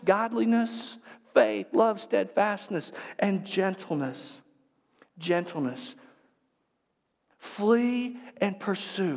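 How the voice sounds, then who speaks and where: A male pastor with a fairly high voice delivers a sermon in a big sanctuary. His delivery swings from hushed, whispered asides to loud, emphatic calls. A long hall reverb trails behind every phrase. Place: church sanctuary.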